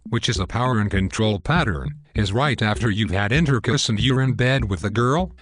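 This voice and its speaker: A man giving a calm, matter-of-fact instructional monologue, explaining steps one by one. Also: lowish voice.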